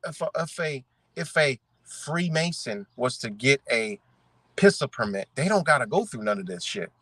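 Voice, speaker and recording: A man's voice: a little high, sharp tone, no room sound. A man ranting in casual commentary, swearing often, peppering his talk with "right?" and street slang as he picks apart rules he reads aloud. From Rochester, New York area. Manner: profane, conversational, rhetorical questions, street slang. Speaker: vlogger.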